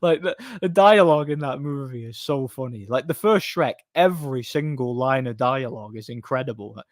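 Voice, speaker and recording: Man, streamer, casual live chat, rambling, laughs often, average pitch, dry. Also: brisk, hardly any pauses, no room sound.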